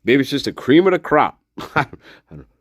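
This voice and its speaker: A man's voice: mid-range voice, very animated, normal speed, no room sound, clean studio sound. A man hosting a live stream, rambling and swearing as he comments on a case, greeting viewers and repeating his opinions. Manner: swearing, rambling, laughs to himself; repeats himself, hedging opinions. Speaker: livestream host discussing a crime case. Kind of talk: casual live commentary with viewer shout-outs.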